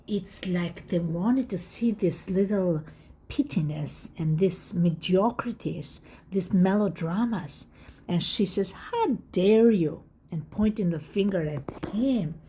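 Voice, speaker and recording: Husky, mellow woman reading tarot. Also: medium pitch. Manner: excited, emphatic and repetitive, addressing viewers directly. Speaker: tarot reader. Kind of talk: casual tarot reading to camera.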